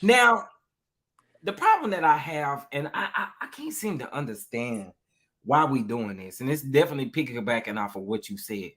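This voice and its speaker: A co-host in casual reality TV recap chat, animated and slangy, often laughing. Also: medium pitch, normal speed.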